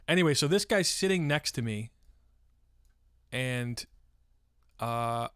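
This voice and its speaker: A man's voice: medium pitch, a bit bright, smooth, no room sound, studio quality. A man from San Francisco telling a story on a live stream, rambling and swearing freely and breaking off to answer chat. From San Francisco, USA. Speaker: livestreamer.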